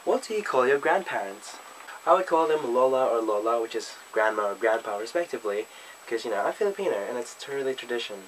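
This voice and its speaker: A man's voice: mid-range voice, fairly bright tone, slight background noise, rough recording. A young man from Australia with an Australian accent, casually reading a word list and answering questions with playful, self-mocking asides. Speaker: vlogger. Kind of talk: casual accent tag video.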